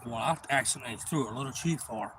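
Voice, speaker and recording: A man hosting a live stream, telling a story in a rambling, profane way with lots of fillers, and getting loud when the story turns exciting. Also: medium pitch, fast. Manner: gets loud and excited when retelling action. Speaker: channel host. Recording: noisy background.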